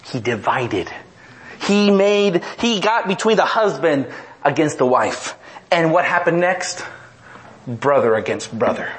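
A middle-aged man pastor preaching a humorous, animated sermon, repeating himself and dropping low and slow for emphasis. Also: a little hiss or hum.

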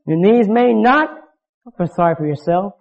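A male preacher with a very high voice, delivering a fervent sermon that swings from loud to hushed. The recording is dull and lo-fi. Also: lively intonation, normal speed, gravelly. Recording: dull lo-fi sound.

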